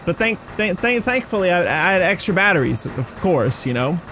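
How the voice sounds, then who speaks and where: A man giving excitable let's-play commentary, mocking enemies and yelping and screaming when chased. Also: high voice, moderate pace, a little hiss or hum. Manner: playful, mocks the enemies. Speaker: gaming commentator.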